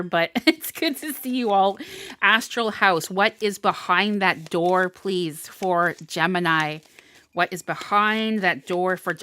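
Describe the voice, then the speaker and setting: A woman leads a live tarot reading and speaks to her viewers with warm, animated encouragement. Her voice is bright and forward. The sound is dry and close to the mic. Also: fairly low pitch, no room sound. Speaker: tarot reader.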